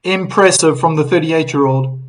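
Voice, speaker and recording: Guy doing casual live tennis play-by-play on a stream, slightly high voice, chatty, reads out chat comments. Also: moderate pace, rough recording. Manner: chatty, reads viewer comments aloud, laughs easily.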